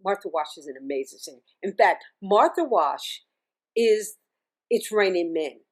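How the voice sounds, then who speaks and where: A middle-aged woman, a singer and music teacher, telling stories as an interview guest in a chatty, animated way, often laughing and restarting her sentences. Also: mid-range voice, moderate pace. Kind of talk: casual interview storytelling.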